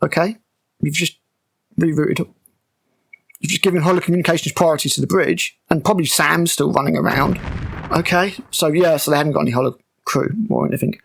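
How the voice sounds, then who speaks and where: Exasperated gravelly man reviewing a show. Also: fairly high pitch, steady tone, brisk, a bit bright. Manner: exasperated, mocking, with frequent fillers and restarts. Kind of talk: sarcastic episode breakdown.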